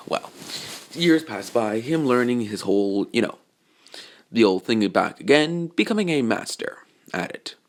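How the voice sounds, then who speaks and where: A man casually telling a fan-fiction story, rambling and correcting himself with lots of fillers. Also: medium pitch.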